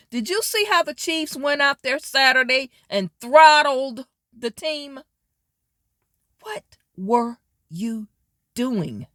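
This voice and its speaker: A woman doing a casual sports wrap-up, sassy and animated, talking straight at teams and players. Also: medium pitch, dry recording, clean studio sound. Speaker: sports commentary vlogger.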